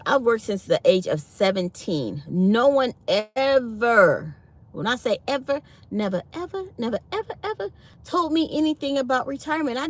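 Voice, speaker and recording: A woman, hosting a casual morning chat for her channel and telling stories with acted-out quotes. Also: a little high. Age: 50s. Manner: animated storytelling with acted-out quotes. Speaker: channel host. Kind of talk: casual chat to live viewers.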